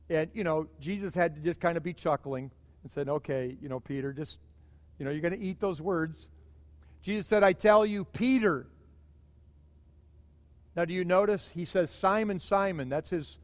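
High-voiced man preaching in reverberant church. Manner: conversational preaching, animated emphasis. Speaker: pastor. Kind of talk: sermon.

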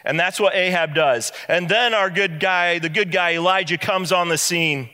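Bright-voiced preacher in an echoey hall. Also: male voice, sits high, moderate pace. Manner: animated storytelling, acts out the characters. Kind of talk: sermon retelling a Bible story.

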